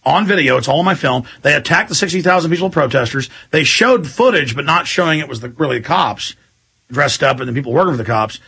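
A middle-aged man hosts a heated talk radio show. His voice is husky and gravelly but bright and forceful, and he rambles, repeats himself and slips into mocking impressions. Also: a little high, expressive, fast.

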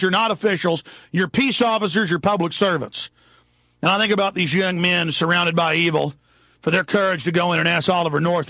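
A radio talk show host, ranting furiously and often shouting, live on air. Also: male voice, on the high side, no echo, muffled recording.

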